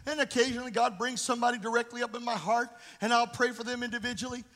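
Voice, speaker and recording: A male pastor preaches a blunt, scolding sermon in a very high, forceful voice. He swings from plain talk to bursts of shouting. His words ring out in a long church reverb. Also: fairly even intonation, fast.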